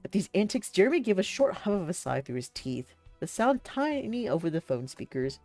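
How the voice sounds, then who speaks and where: A woman streamer reading a visual novel aloud, lively and quick to laugh. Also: medium pitch, soft background music.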